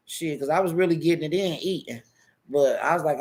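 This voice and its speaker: His voice is a little high and his pace fast. A YouTube commentator from Washington DC, he rants casually about online streamers, laughing and swearing through animated stories while acting out others' quotes in varied voices.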